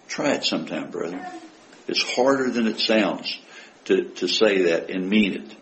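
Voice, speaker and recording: Emphatic male preacher, soft to rising. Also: low-pitched, normal speed, low-quality recording. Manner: emphatic, rhetorical questions, quotes scripture with rising intensity; drops to a hushed voice for heartfelt prayers. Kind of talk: sermon.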